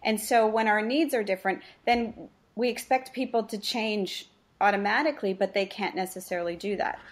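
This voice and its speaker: A woman's voice: mid-range voice, normal speed. A woman face reading practitioner and coach, explaining relationships earnestly in a podcast interview and telling stories about her clients.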